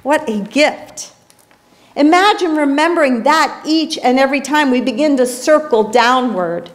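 A woman's voice: high voice, expressive, measured pace. A woman pastor giving an earnest, reflective sermon in a small church, telling a story along the way.

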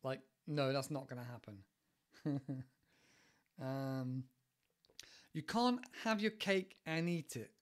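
With a mid-range voice, a slow delivery, and long pauses, a West Country English teacher explains idioms on his relaxed podcast, chatting, straying from the point, and laughing frequently.

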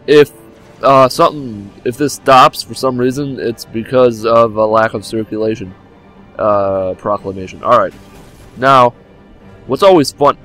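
A man's voice: lowish voice, a bit bright. A young man commenting on a game he is playing at home, joking and switching between mock drama and sudden yelps, sometimes leaning back from his desk microphone. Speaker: gameplay commentator. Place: home room by a game console. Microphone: desk microphone, leaning back from it now and then.

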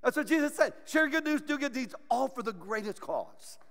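Very high-voiced, lively pastor preaching. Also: male voice, normal speed, gravelly, long reverb tail. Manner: animated and joking, laughs often. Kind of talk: sermon. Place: church sanctuary.

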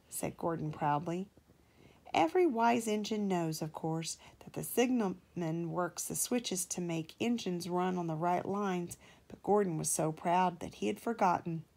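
A woman, a mother, reading a children's storybook aloud to her child in a gentle, measured way. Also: fairly low pitch, animated, creaky.

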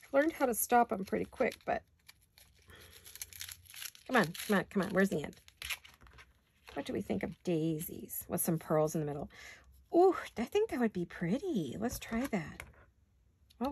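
Her fairly high voice is gravelly with a darkish tone, and there is slight background noise. She hosts a home crafting video, chatting casually, muttering to herself as she works, and hiccuping now and then.

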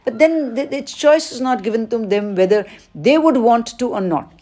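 A woman's voice: fairly high pitch, lively intonation, warm tone. Woman teacher explaining exam answers. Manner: reads questions aloud, then explains with pauses. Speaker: English teacher. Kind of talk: exam paper walkthrough lesson.

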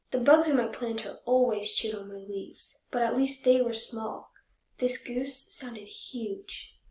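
A woman reads a children's picture book aloud, gentle and measured, her voice sitting a little high. The recording has a roomy echo around it. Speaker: storybook reader. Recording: echoey room.

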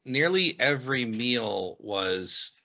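A man's voice: medium pitch, animated, slow, vocal fry, sharp tone, lo-fi sound. A man co-hosting a podcast in casual chat, opinionated and stumbling over his starts.

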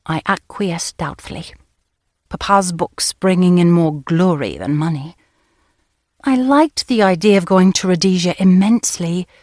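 A woman narrating a novel in the first person, with a crisp, wry storytelling manner. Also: on the low side, expressive, unhurried, a little mellow, no room sound, studio quality. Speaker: audiobook narrator.

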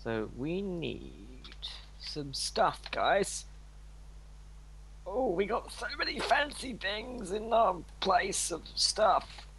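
Young male gamer co-host, excitable and jokey; lively pitch, unhurried delivery. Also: a little hiss or hum, rough recording. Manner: joking, excitable, swears often. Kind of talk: casual gaming chat.

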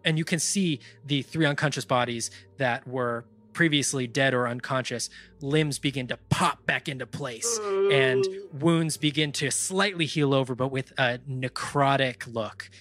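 A man narrating a tabletop game as game master, describing scenes in a measured way with fillers. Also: medium pitch, fairly bright tone.

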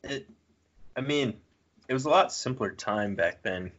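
A man's voice: medium pitch, expressive, unhurried, a bit bright, muffled recording. A man co-hosting a casual comedy podcast, telling rambling stories and acting out quotes. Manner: storytelling, acts out quotes, rambling. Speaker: podcast co-host.

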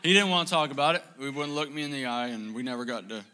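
A young man preaching as pastor, telling a funny story about himself in an animated, self-mocking way. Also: mid-range voice, fast talker, slight background noise. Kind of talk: sermon with storytelling.

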